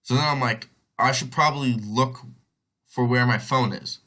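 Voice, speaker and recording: A man's voice: medium pitch, moderate pace, bright, forceful tone. A young man telling a long personal story on his podcast in a casual, rambling way, filling gaps with "like" and acting out what others said. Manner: rambling, heavy on "like", acts out others' voices. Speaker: podcast host.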